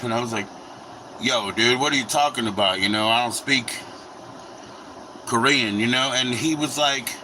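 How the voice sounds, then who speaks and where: A man in his forties hosts a livestream from his home kitchen, cooking while he rambles, swears casually and talks to viewers. His mid-range voice is pushed and bright, at a moderate pace with frequent pauses. The audio is poor, with slight background noise.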